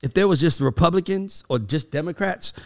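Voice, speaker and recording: A man in his thirties co-hosting a casual talk show, telling loud, animated stories. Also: on the high side, a little fast. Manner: loud, animated storytelling with profanity. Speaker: podcast co-host. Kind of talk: casual chat.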